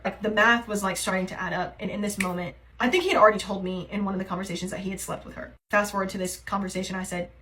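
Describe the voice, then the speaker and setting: A woman's voice: medium pitch, fairly even intonation, racing, few pauses, a bit bright, slight background noise, low-quality recording. A young woman telling a personal story in a confessional get-ready-with-me vlog, hesitant and full of fillers, emotionally raw. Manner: rambling and hesitant, heavy on fillers. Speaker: TikTok creator.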